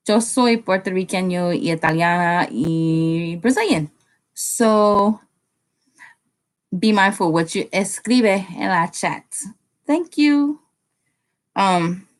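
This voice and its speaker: Woman host of a casual live stream: chatty, excitable, speaks right to her viewers, mid-range voice. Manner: chatty, talks straight to viewers in the chat; excitable, often jumps up in pitch.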